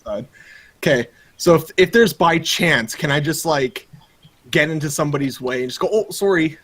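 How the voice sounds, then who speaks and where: A man's voice: a little high, moderate pace, a bit bright, breathy edge, no echo. Hesitant male player, many fillers. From Canada. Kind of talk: tabletop game chat.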